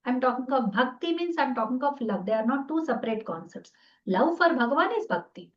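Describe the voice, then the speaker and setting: A woman's voice: high voice, very animated, a little fast. A woman gives an earnest spiritual talk as a teacher, asking many rhetorical questions. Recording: dull lo-fi sound.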